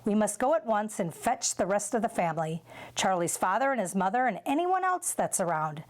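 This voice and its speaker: A woman's voice: medium pitch, sing-song, brisk, lightly acted. A woman reading as an eccentric candy maker. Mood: brisk. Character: whimsical eccentric male candy maker, brisk. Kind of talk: read-aloud storybook.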